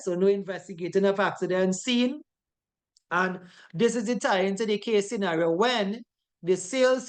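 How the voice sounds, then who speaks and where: A woman lectures a class on safety in a relaxed, conversational way. Her voice sits at a middle pitch, and she leans on rhetorical questions and repeated "right?" checks with her students. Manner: chatty, rhetorical questions, frequent "right?" tags. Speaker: safety course instructor.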